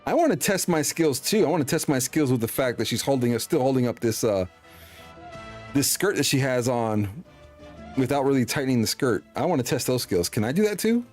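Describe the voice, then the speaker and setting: A man's voice: medium pitch, expressive, brisk, a little mellow, faint music behind. A man streaming a video game, commenting in a joking, playful, slangy way. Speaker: gaming streamer.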